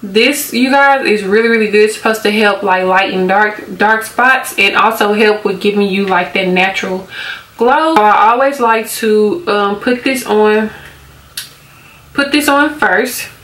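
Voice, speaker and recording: A woman's voice: medium pitch, measured pace, a bit bright, roomy sound, a little hiss or hum. A young woman chatting casually as a beauty vlogger, giggling often and using lots of fillers. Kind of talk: casual storytelling and skincare chat.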